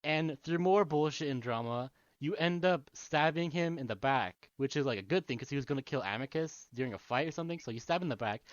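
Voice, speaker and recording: A man's voice: a little high, no room sound. A man co-hosting a casual podcast, rambling through a video game's story with plenty of swearing and laughter. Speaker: podcast co-host. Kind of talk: casual chat, retelling a video game story. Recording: dull lo-fi podcast mic.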